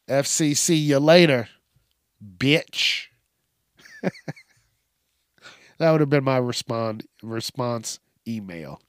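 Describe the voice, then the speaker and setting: Male comedy news host, profane, mocking, slow delivery, dry close sound. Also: medium pitch, no echo. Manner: profane, mocking, laughs often.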